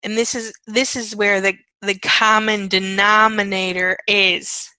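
A woman's voice: mid-range voice, level tone, a little slow, sharp tone, no echo, poor audio. A woman leading a guided self-help talk. She uses chant-like repeated phrases and a conversational style that often checks in with "okay" and "right.". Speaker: energy-clearing facilitator.

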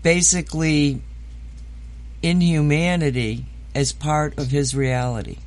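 A man interviewing a guest in a calm, measured way. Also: on the high side. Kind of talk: interview questions.

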